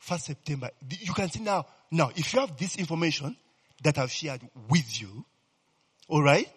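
A man preaching with a lively, swinging delivery, his voice sitting a bit higher than most and carrying a husky edge. He keeps asking his listeners whether they follow. The sound rings out with a long hall reverb. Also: moderate pace. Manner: animated, repeatedly asks "you understand, eh?". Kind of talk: sermon.

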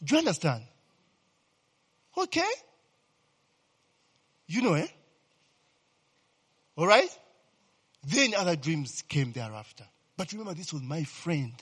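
A man delivers a sermon with a lively, swinging style, his slightly higher-than-average voice carrying a husky edge. He goes slowly with long pauses, repeatedly asking "you understand, eh?", while a long hall reverb rings around him.

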